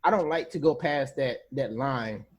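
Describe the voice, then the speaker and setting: A man co-hosting a podcast, chatting casually and acting out quotes with animated, quick delivery. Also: medium pitch, lo-fi sound. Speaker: podcast co-host. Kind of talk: casual chat.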